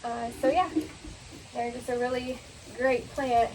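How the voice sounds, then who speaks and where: A woman vlogging outdoors on her deck and porch, chatty and enthusiastic as she talks straight to her viewers. Her voice sits a little high. A faint outdoor ambience runs underneath. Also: little pitch movement, unhurried, a little mellow, a little hiss or hum, rough recording. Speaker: home and garden vlogger. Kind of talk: casual vlog narration.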